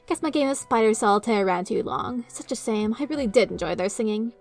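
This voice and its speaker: A woman's voice: fairly high pitch, expressive, a little fast, a little mellow, soft background music. A woman voicing a smug, mocking male chaos spirit who drawls in a falsely posh voice.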